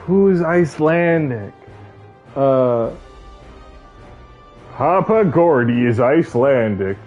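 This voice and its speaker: A man's voice: mid-range voice, expressive, takes it slowly, darkish tone, lo-fi sound, faint music behind. A man streaming a video game, reading its dialogue aloud and chatting casually with his viewers. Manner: reads game dialogue aloud and banters with chat.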